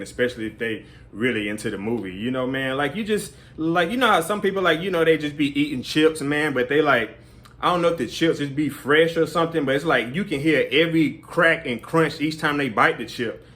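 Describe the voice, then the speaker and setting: A man's voice: mid-range voice, a little fast, fairly bright tone. A man giving casual advice in a rambling way, full of fillers. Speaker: vlogger.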